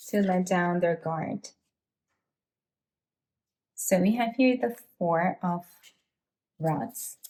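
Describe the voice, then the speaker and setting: A woman giving an emotional pick-a-card tarot reading, sighing and halting with many restarts as she speaks to her viewers. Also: on the low side, mellow. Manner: speaks directly to viewers, calling them you guys. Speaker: tarot reader.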